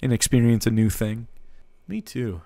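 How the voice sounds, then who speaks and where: A man's voice: mid-range voice, normal speed, gravelly, warm tone. A man hosting a live stream, reacting to a clip in a blunt, profane rant. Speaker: streamer host.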